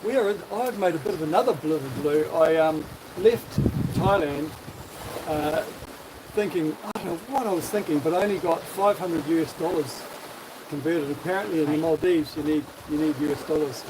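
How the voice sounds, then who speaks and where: A man's voice: fairly high pitch, normal speed. A man with a New Zealand accent hosting a casual live stream from a sailboat, upbeat and jokey. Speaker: sailing vlog host. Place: on a sailboat at sea, outdoors. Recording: wind and water noise on deck.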